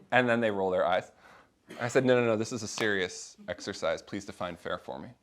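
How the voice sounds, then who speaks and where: A middle-aged man with a lowish voice speaks at a moderate pace while leading a small faith discussion class. His manner is informal and animated, and he acts out the voices of the people he quotes.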